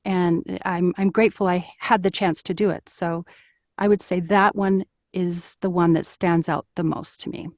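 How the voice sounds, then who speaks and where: A woman's voice: fairly low pitch, steady tone, normal speed, darkish tone, dry recording, studio quality. A middle-aged woman, an audiobook narrator, talking earnestly and reflectively as a guest in an interview, with fillers and restarts. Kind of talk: conversational interview.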